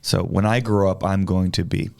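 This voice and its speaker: Casting: male pastor co-host, low gravelly voice, dry close sound, playful and chatty. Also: flat delivery, moderate pace, a little mellow, no room sound. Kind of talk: casual chat.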